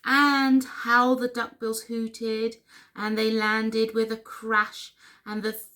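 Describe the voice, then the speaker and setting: A woman reading a children's picture book aloud for storytime in an expressive, sing-song way. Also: a little high, slow. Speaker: story reader.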